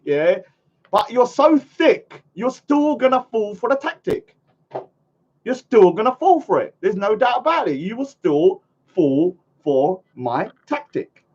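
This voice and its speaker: A man's voice: high-pitched, a little mellow. A man, vlogging casually to a live chat, rambling and mocking his critics. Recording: dull lo-fi sound.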